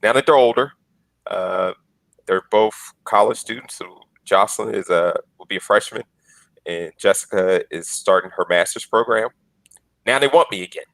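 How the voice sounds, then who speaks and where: A man's voice: fairly low pitch, normal speed, fairly bright tone, no room sound, low-quality recording. A man in his forties on a podcast panel, telling earnest stories and acting out the lines he quotes. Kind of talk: casual panel discussion.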